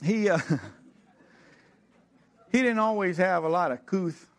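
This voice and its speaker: A preacher, a man, telling a family story from the pulpit. His voice sits a bit high and jumps up and down as he acts out the people in it, and he laughs along with his own tale. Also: animated, takes it slowly. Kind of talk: sermon with personal story.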